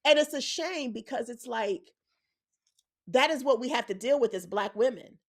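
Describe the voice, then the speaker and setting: A woman's voice: fairly high pitch, animated, moderate pace. A woman co-hosting a podcast, telling a personal story in an earnest, emphatic way. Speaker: podcast co-host. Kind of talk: casual opinionated chat.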